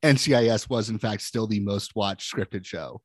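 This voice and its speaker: A man's voice: lowish voice, moderate pace, no echo. A man co-hosting a casual film podcast, wry and opinionated, giving blunt takes. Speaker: podcast co-host.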